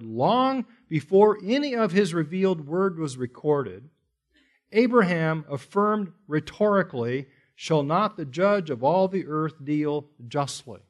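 A man teaching a Bible study sermon, emphatic, repeating key phrases and asking rhetorical questions. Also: on the high side. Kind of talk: expository sermon.

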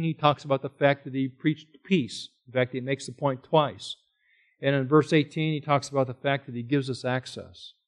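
A man preaching a sermon, reading scripture aloud and working through it verse by verse, asking questions and then answering them. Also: fairly high pitch. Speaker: pastor.

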